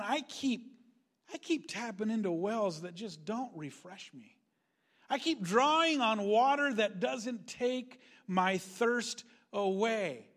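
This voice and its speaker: A male pastor preaching a sermon, animated, acting out quoted voices and shifting between loud and quiet. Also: high-pitched. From Northern California.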